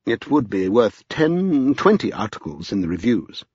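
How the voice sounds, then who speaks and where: Male narrator doing a haughty severe gentleman, lofty and scornful, husky tone, slightly dull lo-fi sound. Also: lowish voice, sing-song, normal speed, no room sound.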